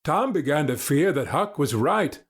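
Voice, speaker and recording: A man narrating a story in a steady, storybook manner. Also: on the high side, moderate pace, breathy edge. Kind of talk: scripted narration.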